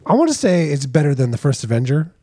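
Playfully contrarian man, mellow voice. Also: on the high side, very animated, fast, breathy edge, dry recording, clean studio sound. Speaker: podcast co-host. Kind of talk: casual movie debate.

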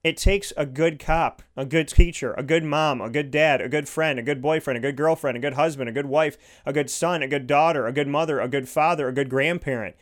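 Earnest man with a slightly high voice. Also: a little fast, hardly any pauses. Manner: earnest, repetitive, heartfelt. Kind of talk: motivational monologue.

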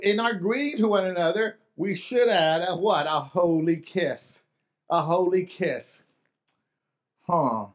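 A man preaching a sermon in an earnest way, often restarting phrases and asking the listeners rhetorical questions. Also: high-pitched. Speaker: pastor.

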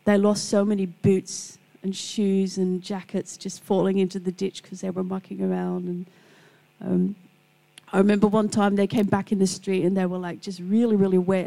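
Gravelly-voiced woman giving a devotional talk. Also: medium pitch, little pitch movement, moderate pace, low-quality recording. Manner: warm storytelling, acts out quoted people. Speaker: Christian speaker. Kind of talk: devotional talk with personal stories.

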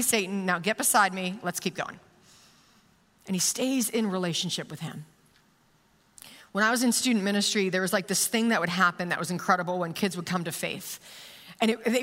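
A woman's voice: a little high, pushed and bright. A woman giving a casual, conversational sermon, telling a story animatedly with plenty of fillers. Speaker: preacher. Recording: long reverb of a large hall.

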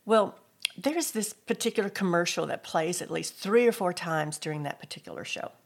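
A woman's voice: on the low side, moderate pace, gravelly. A middle-aged woman giving a devotional teaching talk, telling personal stories and lifting her voice for scripture quotes. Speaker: Christian speaker.

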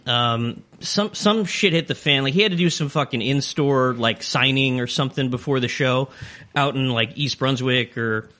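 Profane, bright-voiced storytelling guy. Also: mid-range voice, normal speed. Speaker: podcast guest. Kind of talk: casual storytelling chat.

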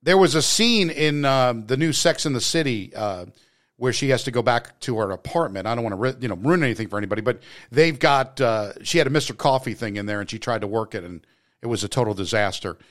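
A man's voice: medium pitch, lively intonation, fast talker, a bit bright. A man from New Jersey chatting casually as a co-host, rambling with many restarts and fillers. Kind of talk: casual chat.

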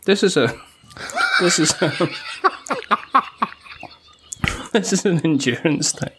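A Scottish man, a guest on a podcast, chatting casually and joking in a deadpan, mock-official way. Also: high-pitched, very slow, very noisy. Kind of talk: casual chat.

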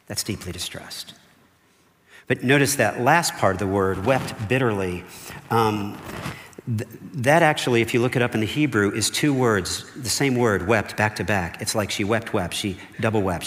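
Pastor guy preaching, kinda low voice, lots of "okay?" and "right?", long echo hanging in the hall. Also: fairly bright tone. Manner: conversational preaching, frequent "okay?" and "right?" checks. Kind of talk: sermon.

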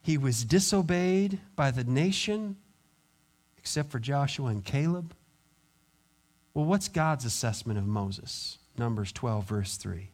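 A pastor preaching a sermon, acting out quoted voices and dropping to quiet intensity. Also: male voice, on the high side, lively intonation, unhurried.

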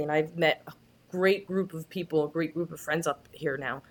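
A woman's voice: sits low, steady tone, fast talker. A woman talking candidly and earnestly as a guest in a casual chat, often restarting her sentences.

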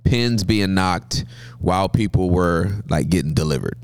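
A man in his forties from Southern California, a pastor telling stories as a guest in an interview, with a humorous, lively manner. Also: low-pitched, measured pace, clean tone, dry recording. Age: 40s. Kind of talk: interview storytelling.

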